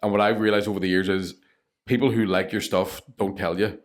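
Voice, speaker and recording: A young man with a Northern Irish accent, a comedian telling animated stories on a podcast, swearing freely and laughing through them. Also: on the low side, a little fast. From Northern Ireland. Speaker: comedian guest. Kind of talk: casual storytelling.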